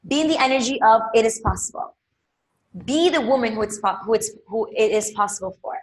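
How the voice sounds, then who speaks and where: A woman's voice: fairly high pitch, lively intonation, fairly quick, echoey room. A woman leading a live money coaching session, emphatic, repeating phrases and calling viewers by name. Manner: addresses viewers directly by name.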